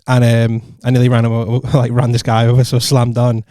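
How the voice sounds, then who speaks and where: A man's voice: medium pitch, monotone, quick pace, mellow, no room sound, studio quality. A young man with a Liverpool Scouse accent, telling stories in casual podcast chat and acting out the people in them. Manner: storytelling, swearing, acting out voices of people in the story. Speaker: podcast co-host.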